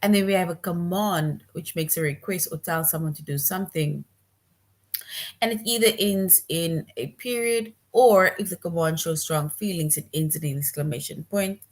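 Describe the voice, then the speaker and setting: A woman teaches a children's grammar lesson online. She is patient and goes over each point more than once. She often checks in with a quick "right?". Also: lowish voice.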